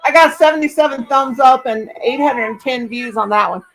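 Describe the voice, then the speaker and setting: Woman hosting a casual live chat, folksy and talkative, with a slightly raised pitch and a gravelly edge. She greets her viewers by name as she rambles. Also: brisk, poor audio. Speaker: livestream host.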